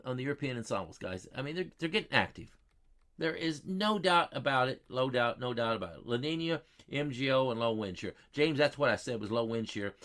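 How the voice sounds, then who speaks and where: A man's voice: medium pitch, a bit bright. A man hosting a live weather stream, chatting with viewers in a folksy, repetitive way and quizzing his chat. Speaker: weather livestream host.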